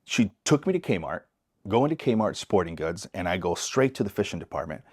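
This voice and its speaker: A middle-aged man from East Los Angeles speaks with a fairly low voice as a podcast guest. He tells a story with lots of energy and acts out the other people's voices. He often repeats and restarts his words as he goes. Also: sing-song, fairly quick. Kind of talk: casual storytelling interview.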